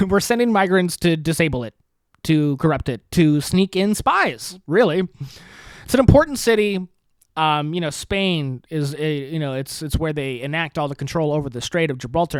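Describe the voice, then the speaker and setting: A man's voice: a little high, dry recording, clean studio sound. A man hosting a podcast, rambling with sarcasm, swearing freely and laughing at his own jokes. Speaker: podcast host. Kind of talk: casual profane commentary.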